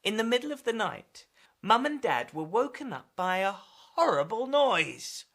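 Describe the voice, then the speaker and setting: A woman presenter reading a storybook aloud to children, expressive and emphatic. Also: on the high side, measured pace.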